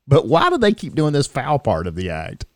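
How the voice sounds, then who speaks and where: A man's voice: medium pitch, no echo, studio quality. A man co-hosting a comedic news podcast, reading headlines aloud and joking between them. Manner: jokey, reads headlines aloud, laughs often. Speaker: podcast co-host.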